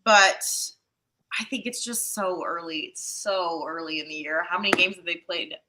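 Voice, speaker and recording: A woman co-hosting a casual sports roundtable, giving measured opinions with thinking pauses. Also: fairly low pitch, pushed and bright, rough recording. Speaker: podcast co-host.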